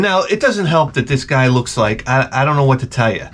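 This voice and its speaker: A man's voice: medium pitch, lively intonation, fairly quick, fairly bright tone. A middle-aged man with a Long Island accent, telling a rambling, sarcastic, profane story to camera. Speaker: vlogger. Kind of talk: ranting comedic storytelling.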